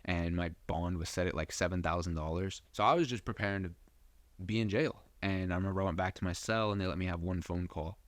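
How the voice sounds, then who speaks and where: A man's voice: deep voice, fast, dry recording. A young man hosting a podcast, telling a personal story in a loose, rambling way, swearing freely and full of fillers. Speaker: podcast host. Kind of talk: casual storytelling.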